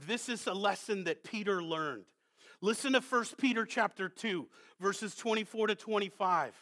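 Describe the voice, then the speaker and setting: A male pastor preaching a sermon, moving from hushed questions to loud, emphatic calls and reading scripture slowly. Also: high-pitched. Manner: slows down to read scripture with weight; asks the congregation many rhetorical questions.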